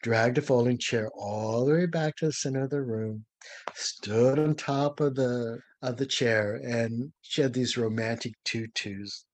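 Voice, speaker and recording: An older man, a former ballet dancer, telling lively, dramatic stories as an interview guest. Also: mid-range voice, no room sound. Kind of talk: anecdotal storytelling.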